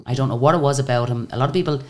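An Irish woman with a very deep voice telling lively anecdotes in a casual interview. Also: racing. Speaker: singer and guest.

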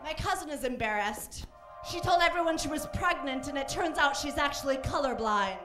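A young woman doing a deadpan stand-up set on a comedy club stage, switching into voices for the people she quotes. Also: sits high, brisk, loud music behind the voice. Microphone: handheld stage mic. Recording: live club recording with room echo and crowd. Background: audience laughter.

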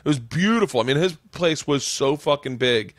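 A man's voice: on the high side, lively intonation, normal speed, no echo. A man hosting a casual podcast, telling rambling stories full of swearing. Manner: profane, rambling storyteller. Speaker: podcast host.

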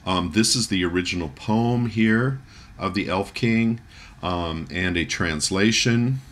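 A man giving a music lecture, talking in a halting way with many fillers and restarts as he reads and translates a German poem. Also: low voice, fairly bright tone. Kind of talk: recorded lecture.

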